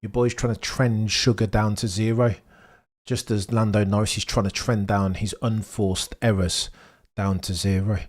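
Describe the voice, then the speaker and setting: A young man hosting a live watchalong stream, chatting excitedly with his viewers and bantering as he goes. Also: lowish voice, normal speed.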